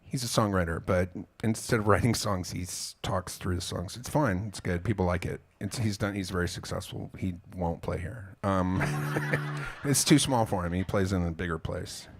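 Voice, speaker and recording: A singer-songwriter with a low, slightly rough voice talks at a moderate pace to a small club audience between songs. He rambles through a self-mocking story, swearing casually.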